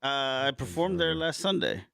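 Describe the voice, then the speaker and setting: A man's voice: fairly high pitch, moderate pace, gravelly, a bit bright, smooth, no room sound, studio quality. A man, a fellow comedian, chiming in with supportive, teasing quips in a casual comedy chat.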